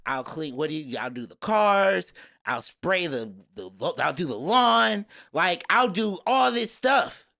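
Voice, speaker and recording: Man, podcast co-host, gravelly voice, bright tone, animated rambling storytelling. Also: sits high, a little slow. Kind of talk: casual chat.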